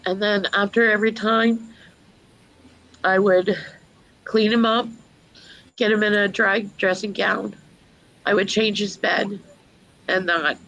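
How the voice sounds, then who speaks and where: A mother speaks slowly and earnestly, telling her own story at a measured pace. She pauses often between phrases. Her voice sits at an ordinary middle pitch for a woman. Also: steady tone, fairly bright tone, low-quality recording. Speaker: guest mother. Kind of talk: personal testimony.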